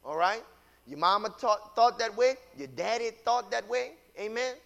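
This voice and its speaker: Brief: male preacher, high bright voice, repetitive call-and-response sermon that climbs to shouting. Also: lively intonation, moderate pace, creaky.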